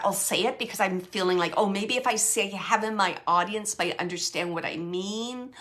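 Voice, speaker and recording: A middle-aged woman chats casually on a live stream. She rambles and corrects herself often, in a reassuring tone with a middle-pitched voice. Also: sharp tone. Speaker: medium hosting a live chat. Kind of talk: casual live-stream chat answering viewer comments.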